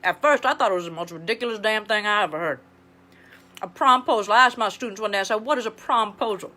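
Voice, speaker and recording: In an improvised comedy monologue, a woman plays a brassy, blunt middle-aged ex-schoolteacher, sassy and rambling, as a comedic livestream host character. Her voice is medium-pitched, quick, pushed and bright.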